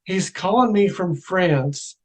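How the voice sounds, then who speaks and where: A middle-aged man telling a personal spiritual story in a casual, animated way, acting out the voices he quotes. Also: high voice, slow pace. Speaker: guest telling his near-death story.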